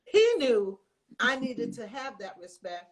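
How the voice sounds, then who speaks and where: An older woman telling lively stories in a casual chat, acting out the people she quotes. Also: on the high side, unhurried. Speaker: guest.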